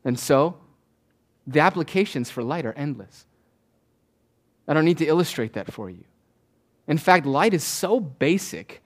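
A man preaching a sermon as pastor to his congregation, swinging between loud emphatic lines and hushed asides. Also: mid-range voice.

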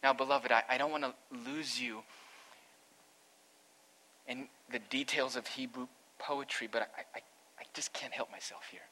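A man's voice: medium pitch, steady tone, moderate pace, long pauses, sharp tone, slight background noise. A man, a pastor, preaching an earnest expository sermon that rises to emphatic peaks.

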